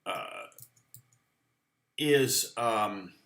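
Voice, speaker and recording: A man's voice: fairly low pitch, drawn-out words. A man teaching guitar in a loose, chatty live online lesson, counting and humming rhythms aloud as he goes. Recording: roomy sound with loud guitar and backing music.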